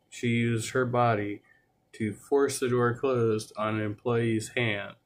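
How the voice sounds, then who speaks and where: A man hosting a livestream, chatting loosely about news clips with fillers and the odd swear. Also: on the low side. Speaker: livestream host reacting to clips. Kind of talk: casual commentary.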